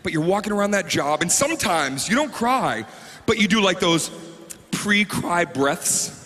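Animated high-pitched male stand-up comic. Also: unhurried, in a large hall, a little hiss or hum. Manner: animated, acts out characters and sobs for laughs. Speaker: stand-up comedian. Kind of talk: stand-up comedy routine. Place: stage before a live audience.

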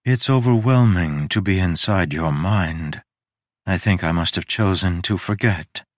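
A man voicing an ageless goddess, measured and faintly wry, in an audiobook reading. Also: low-pitched, dry recording, studio quality. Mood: calm, frank. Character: ageless woman goddess, cool and frank.

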